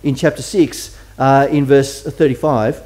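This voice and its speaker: This pastor speaks at a measured pace in a steady, medium-pitched voice with a darkish tone. Preaching to his congregation in a conversational, chatty manner, he asks them questions throughout.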